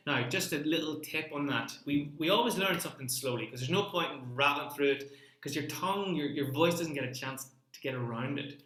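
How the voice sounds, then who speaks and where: A man's voice: on the high side, a little fast, fairly bright tone, roomy sound. A man teaching an online singing lesson, coaching vowels and rhythm with sung examples.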